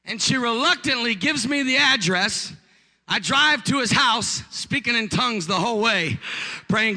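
A male pastor telling a story in a sermon to his church, animated and joking, rising to shouts. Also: very high-pitched, measured pace, long reverb tail.

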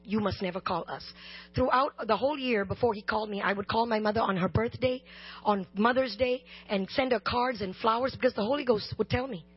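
A woman's voice: a little high, fairly quick, breathy edge. A woman preacher giving a sermon with personal testimony, humorous and impassioned, talking straight to the congregation. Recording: dull lo-fi recording.

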